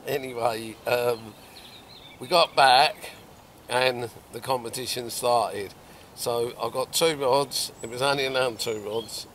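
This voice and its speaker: A man in middle age tells a fishing tale with real gusto, voice climbing into loud chanting bursts. His pitch sits right in the middle for a man. Faint outdoor noise hangs behind him at the lakeside. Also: steady tone, slow pace. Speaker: carp angler guest. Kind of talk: animated anecdote telling.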